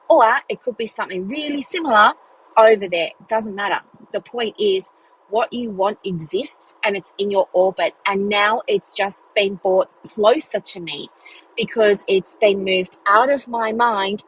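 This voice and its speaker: A woman's voice: medium pitch, breathy edge, low-quality recording. A woman, a business mentor, chatting casually in a solo podcast, telling stories with lots of fillers and playful asides. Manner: chatty, animated storytelling with many fillers and "guess what" asides.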